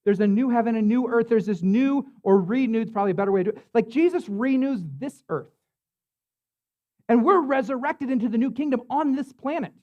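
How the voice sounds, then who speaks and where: A man's voice: extremely high pitch, a little fast, muffled recording. A man preaching as a pastor in a church, in a loose, conversational way, full of fillers and tag questions. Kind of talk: sermon.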